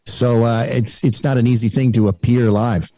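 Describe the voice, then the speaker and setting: A man's voice: medium pitch, fairly even intonation, normal speed, dark tone, dry recording. A man who is a comedian guest on a podcast, speaking casually in a blunt, matter-of-fact way.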